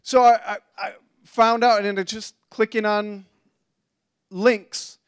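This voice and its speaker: A man's voice: high voice, flat delivery, slow, clear, resonant tone. A man preaching a conversational sermon to a congregation, with asides and restarts. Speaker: pastor.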